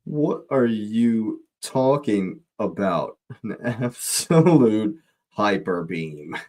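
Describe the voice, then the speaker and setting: A young man hosting a live football watch-along, excitable, laughing often and repeating his phrases. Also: lowish voice, extremely slow.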